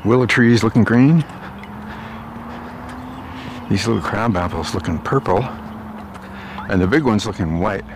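Walking home through a park, a vlogger with a lowish voice muses aloud in a meandering monologue, pausing and restarting as he goes. A little background noise can be heard outdoors.

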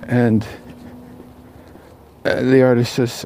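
A man telling a parable aloud, unscripted, with halting restarts and fillers. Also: mid-range voice, expressive, warm tone, slight background noise. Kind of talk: oral storytelling of a parable.

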